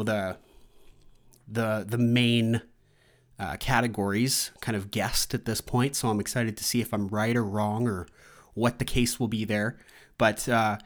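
A man hosting a movie podcast, chatting casually on his own in a rambling, loose way, with lots of fillers and restarts. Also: on the low side. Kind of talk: casual solo chat.

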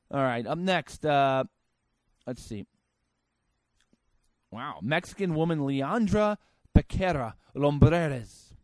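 A male host tears through odd news stories with crude, sarcastic rants and mock disbelief. His voice sits somewhat high for a man and sounds close and dry, with no room echo. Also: a little mellow. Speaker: podcast host. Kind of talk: comedic news commentary.

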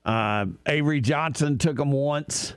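A man's voice: a little high, a little slow, clean tone, no room sound. A man hosting a sports talk radio show, chatting with an opinionated, storytelling manner. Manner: opinionated storyteller, folksy asides.

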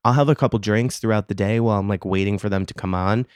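Profane, animated man telling a story. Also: lowish voice, fast, smooth, no echo, clean studio sound. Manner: profane, animated, self-mocking, laughs often. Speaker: podcast host. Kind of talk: casual confessional storytelling.

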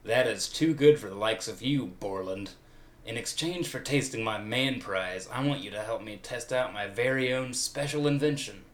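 A man voicing a grumpy, jealous male inventor who blusters indignantly, pitched higher and louder than his own voice. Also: normal speed, close to an everyday voice. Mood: blustering.

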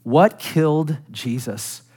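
A middle-aged man preaching a sermon, earnest and direct with the congregation, building to emphatic peaks and dropping quiet again. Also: a little high, slow pace, slightly rough. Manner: direct address to congregation, self-deprecating humor. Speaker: pastor.

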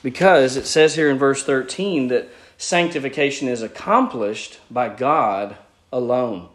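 A man's voice: medium pitch, measured pace, fairly bright tone. Man preaching an earnest Bible teaching. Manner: earnest teaching with frequent restarts. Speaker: pastor. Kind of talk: sermon.

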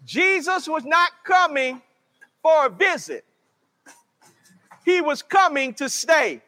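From the pulpit, a pastor with a strikingly high, bright voice delivers a very animated sermon, stretching his words out slowly. He calls on the congregation to answer him back, and his voice rings with the long reverb of a large church sanctuary.

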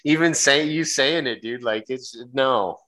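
A man's voice: medium pitch, measured pace, bright, forceful tone. A man co-hosting a podcast, teasing his friend and acting playfully grossed out. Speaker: podcast co-host. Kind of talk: casual chat.

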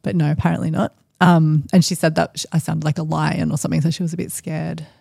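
A woman's voice: low voice, flat delivery, fast talker, vocal fry, a little mellow, husky, no room sound, clean studio sound. A woman, a podcast guest, telling a personal story in a chatty, rambling way with lots of fillers. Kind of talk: casual storytelling.

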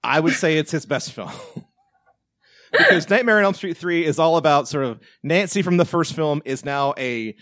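A man co-hosts a casual podcast with an animated, joking delivery and the odd curse. His voice sits a bit high for a man, and the recording is dry and close, with no room sound. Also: moderate pace, no room sound. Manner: animated, profane, joking, breaks into shouted bits. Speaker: podcast co-host. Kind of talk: casual chat.

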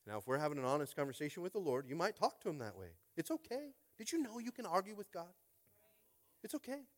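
A man preaching a sermon in an animated way, tossing out call-and-response asides and swinging from loud to hushed. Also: fairly high pitch, fast. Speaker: pastor.

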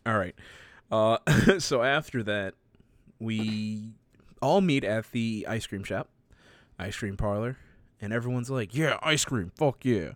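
A man's voice: on the low side, slow pace, no echo. A man casually recapping a story with a co-host, laughing often and swearing freely.

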